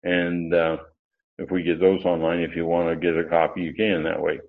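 A man's voice: low voice, flat delivery, moderate pace, creaky. A man teaching Bible grammar in a lecture, rambling with fillers and restarts, then pressing hard on his key points. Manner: digressive, with many fillers and restarts. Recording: dull, lo-fi sound.

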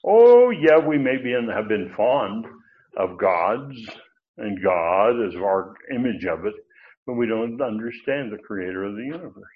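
An older male pastor preaches in a folksy, rambling way, full of asides and restarts. His voice sits low, and the recording sounds dull and lo-fi. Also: a little slow. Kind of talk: expository sermon teaching.

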